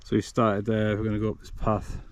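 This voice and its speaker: Out on a rural hillside, a man vlogs as he hikes, describing the route in a chatty, self-deprecating way while slightly out of breath. His voice is on the low side, monotone and fairly quick. Wind and animal sounds fill the noisy outdoor camera audio.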